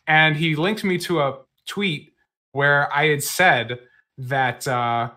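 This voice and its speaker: A man's voice: fairly high pitch, takes it slowly, pushed and bright. A man co-hosting a podcast, telling an anecdote in a laid-back way with many fillers. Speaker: podcast co-host. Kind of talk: casual chat.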